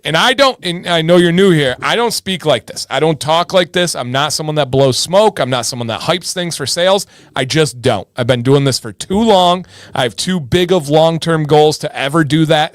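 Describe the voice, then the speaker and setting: Man, livestream host, fairly high voice, dry close sound, greets chat by name, casual and upbeat. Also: no echo. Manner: hypes and greets viewers by name, reads chat aloud.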